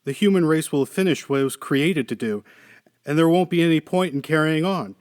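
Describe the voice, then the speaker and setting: A man's voice: on the high side, brisk, a little mellow, no room sound, pitched above the performer's own voice, close to an everyday voice. A man voicing a worried engineer, urgent, talkative, a little raised, dry close sound. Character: anxious male computer engineer, urgent, chatty.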